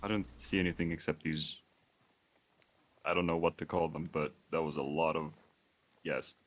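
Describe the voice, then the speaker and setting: A man's voice: extremely low pitch, flat delivery, normal speed. A man playing a tabletop game, speaking in an offhand mumble.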